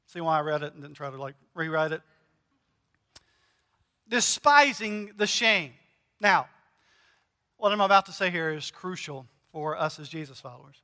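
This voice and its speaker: A man's voice: a little high, animated, normal speed, pauses often, pushed and bright, long reverb tail. A male pastor preaching a sermon in an earnest, emphatic way, repeating key phrases.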